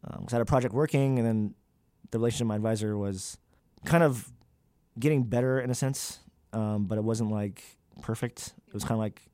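A man's voice: fairly low pitch, fairly quick, darkish tone, dry recording. A young man, a graduate student, talking candidly in an interview, with many fillers and loose, rambling sentences. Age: young adult.

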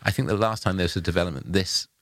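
A man, a podcast guest, talking in a dry, deadpan, rambling way with restarts. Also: low-pitched, very fast, dry recording. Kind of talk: casual chat.

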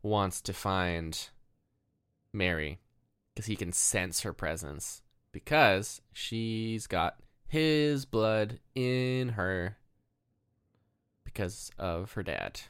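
A man's voice: fairly low pitch, animated, very slow, fairly bright tone, clear, resonant tone, no echo, studio quality. A man co-hosting a casual movie podcast, joking and laughing as he retells a film's plot. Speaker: podcast co-host. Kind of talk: casual movie-recap chat.

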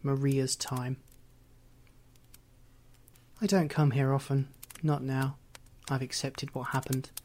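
A man's voice: medium pitch, little pitch movement, slow, long pauses, darkish tone. A man reading as a wistful woman's ghost. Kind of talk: audiobook reading.

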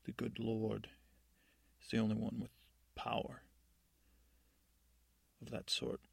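A stern, stubborn captain of the guard, voiced by a man in a bedtime sleep story. He answers in a gruff, curt, dismissive way. His voice is gravelly and husky, with a dry, close sound. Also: fairly low pitch, monotone, slow, no echo, full character voice.

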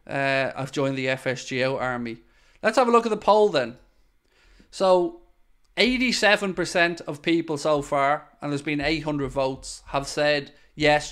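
A man's voice: fairly high pitch, a bit bright, smooth. A man hosting a casual live-stream podcast, answering viewer comments bluntly and swearing when worked up.

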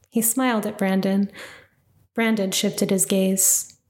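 A woman narrating a first-person story in an even, reflective reading voice. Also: medium pitch, slow pace.

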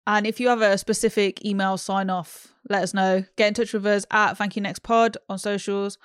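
A woman co-hosting a podcast in casual chat, easygoing and quick to laugh. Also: medium pitch, flat delivery, smooth, dry recording, studio quality. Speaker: podcast co-host.

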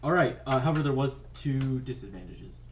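A man narrating a tabletop role-playing game as game master, halting and full of ums and little laughs. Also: mid-range voice, animated, a loud crowd. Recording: echoey room, faint noise.

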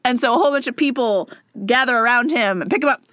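A woman's voice: fairly high pitch, quick pace, sharp tone, dry recording, studio quality. A woman co-hosting a casual history podcast, giggling and reading quotes aloud with playful emphasis. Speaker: podcast co-host.

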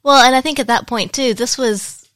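Relaxed, reflective woman co-host. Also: fairly high pitch, moderate pace, no room sound, studio quality. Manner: relaxed and reflective, laughs easily. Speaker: podcast co-host. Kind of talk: casual chat.

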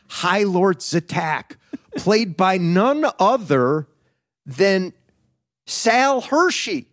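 A man's voice: sits high, lively intonation, very slow, long pauses, fairly bright tone, no echo, studio quality. A man hosting a podcast in casual chat, rambling and swearing, with many "like"s. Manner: rambling and profane, full of "like". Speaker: podcast host.

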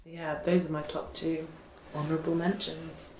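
A woman's voice: deep voice, flat delivery, normal speed, a little mellow. A woman co-hosting a podcast, chatting in a gushing way and full of "like" and "oh my God". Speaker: podcast co-host. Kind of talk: casual chat. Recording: roomy echo, faint background hiss.

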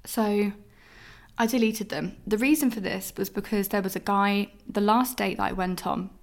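A young woman hosting a casual solo podcast, talking candidly in a rambling way full of "like" from her flat. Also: medium pitch, normal speed. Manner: candid, rambling, heavy use of "like". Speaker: podcast host.

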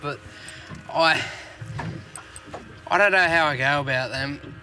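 A man's voice: fairly high pitch, slow pace, background noise. A man co-hosting a podcast, chatting bluntly with some swearing. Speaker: podcast host. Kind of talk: casual chat.

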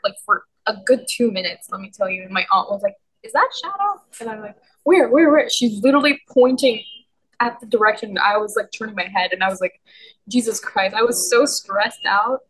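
A woman co-hosting a podcast, telling a story in a casual, excitable way with lots of giggles. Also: medium pitch, fairly quick, breathy edge, low-quality recording. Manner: giggly and excitable, many fillers. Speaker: podcast co-host.

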